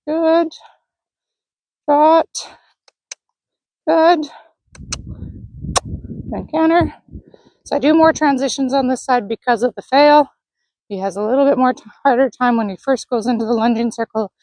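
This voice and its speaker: Woman horse trainer, slightly high voice, dry close sound, calm coaching tone. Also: unhurried, long pauses, no room sound, poor audio. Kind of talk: narrated lunging session. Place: outdoor arena.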